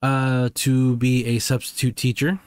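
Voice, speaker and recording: A man with a mid-range voice co-hosts a podcast, speaking in an easygoing, meandering way that is full of pauses and restarts. The recording is dry and close, with no room sound. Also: mid-range voice, completely flat delivery, smooth, dry recording. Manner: laid-back, rambling, drawn-out phrasing with hesitations. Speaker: podcast co-host. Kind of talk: casual chat.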